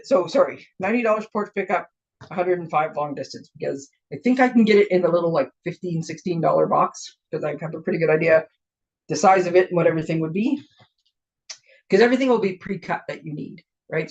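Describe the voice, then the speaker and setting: Chatty woman gushing over craft supplies. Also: lowish voice. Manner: chatty and gushing, with rambling asides. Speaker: papercraft demonstrator. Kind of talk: casual product show-and-tell. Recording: dull lo-fi recording.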